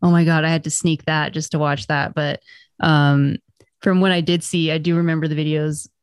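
A woman in a casual podcast chat, relaxed and chatty, swearing casually. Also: low-pitched, moderate pace, clear, resonant tone, no room sound. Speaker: podcast co-host or guest.

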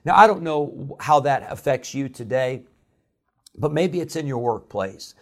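Pastor preaching in a conversational tone. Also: male voice, medium pitch, lively intonation, a little slow. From Illinois. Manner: conversational storytelling with frequent "uh" fillers. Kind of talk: sermon.

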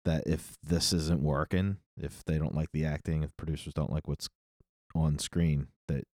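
A man's voice: extremely low pitch, steady tone, moderate pace, darkish tone, dry recording, clean studio sound. A middle-aged man co-hosting a podcast in casual chat, rambling and correcting himself, often laughing. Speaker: podcast co-host.

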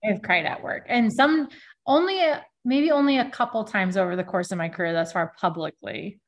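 A woman's voice: medium pitch, steady tone, moderate pace. A woman guest on a casual podcast, speaking candidly and laughing easily.

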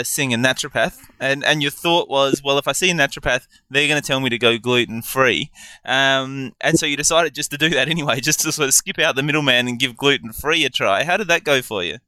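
A male interviewer calmly sums up what his guest said and asks open questions. His voice is bright and forward. The sound is dry and close. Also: mid-range voice, a little fast, dry recording.

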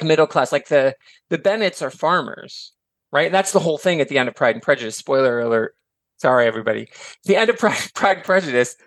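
Male podcast guest, mid-pitched, talkative and digressive, casual swearing, dry close sound. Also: a bit bright, no room sound. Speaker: podcast guest, author and teacher. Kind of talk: casual chat.

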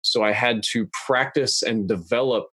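A young adult man talking in a measured, analytical, plain-spoken way as a podcast guest. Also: mid-range voice, bright, forceful tone, breathy edge, no room sound. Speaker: guest YouTuber. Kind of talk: casual podcast interview. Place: podcast studio.

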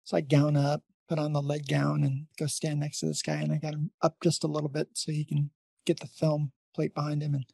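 A man's voice: fairly high pitch, creaky, darkish tone, breathy edge, no echo. A man who is a nurse and podcast host, telling a long story in a casual, rambling way with many restarts.

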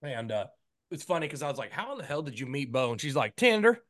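A man's voice: mid-range voice, lively intonation, fast, no room sound, studio quality. A man hosting a podcast in a casual, easygoing way, chatting with his guest. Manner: easygoing, plugs the guest's socials. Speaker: podcast host.

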